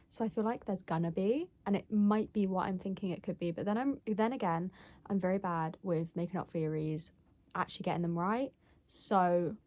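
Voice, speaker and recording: A woman's voice: mid-range voice, a little mellow. A young woman talking casually in a reading vlog, giggly, emotional and rambling. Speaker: book vlogger.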